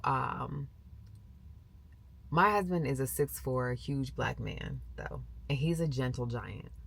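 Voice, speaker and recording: Middle-aged woman vlogger, slight vocal fry, casual animated storyteller who mimics the people she quotes. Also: rumbling low, a little hiss or hum. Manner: animated, acts out quoted voices.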